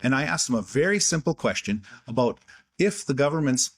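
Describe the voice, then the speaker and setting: A man's voice: mid-range voice, sing-song, fairly quick, husky, dry recording. A man who is a member of parliament, delivering a scripted, sarcastic video address. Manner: sarcastic, exasperated.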